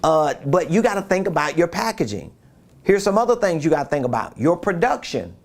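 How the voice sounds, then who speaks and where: A man's voice: a little high, big pitch swings, fairly quick. A man giving a business coaching talk, emphatic and repeating his key points, who acts out quotes in different voices.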